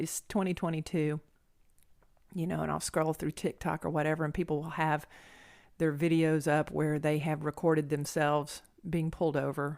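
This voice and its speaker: A middle-aged Southern woman talks straight into her podcast, earnest and candid. Her voice sits on the low side, and she wanders, restarts and circles back as she thinks aloud. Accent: Southern American. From Southern United States. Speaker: podcast host. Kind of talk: personal monologue podcast.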